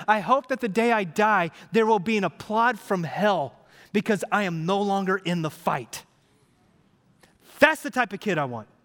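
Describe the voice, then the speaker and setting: A man's voice: sits high, fairly bright tone. A man in his thirties preaching a sermon, telling a family story animatedly before building to emphatic preaching. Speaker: pastor. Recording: long reverb of a large hall.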